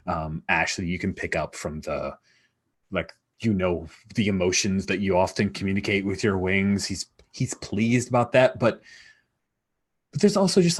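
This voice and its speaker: A man's voice: deep voice, moderate pace, slightly rough. A man narrating as game master in a tabletop role-playing game, chatty and loose, with plenty of fillers. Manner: relaxed, chatty, many fillers.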